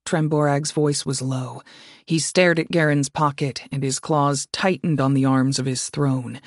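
A man's voice: mid-range voice, steady tone, unhurried, dry recording. Man narrating a fantasy audiobook, dry.

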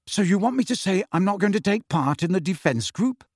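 A man's voice: high voice, lively intonation, a little fast, breathy edge, dry recording, clean studio sound, voice pushed up. A man reading an audiobook, voicing a wary teenage boy wizard who speaks hesitantly and mutters.

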